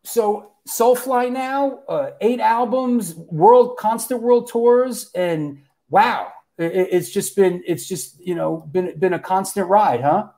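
Chatty New stream host. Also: male voice, sits high, slow pace, few pauses, warm tone. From New York. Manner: loose and chatty, talks straight to viewers, says bro and yo. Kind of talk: casual livestream chat.

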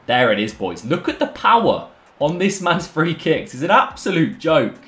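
An excitable young man bantering his way through live football game commentary. His voice sits in a roomy, echoing space with faint music playing underneath. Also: fairly high pitch, moderate pace. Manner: excitable, banter-filled, addresses viewers as lads and boys. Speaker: gaming YouTuber.

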